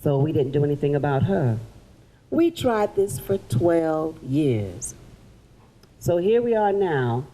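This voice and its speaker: Animated woman telling a story in character. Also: low-pitched, slow, low-quality recording. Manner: animated, theatrical, directs audience volunteers. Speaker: living-history performer. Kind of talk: first-person historical storytelling to children. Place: public library event room.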